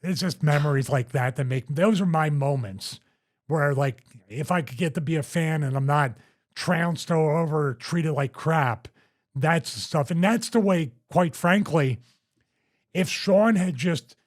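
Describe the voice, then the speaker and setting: A man's voice: a little high, measured pace. A man hosting a wrestling podcast, telling backstage stories in casual chat with lots of restarts. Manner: rambling, animated storyteller with frequent restarts.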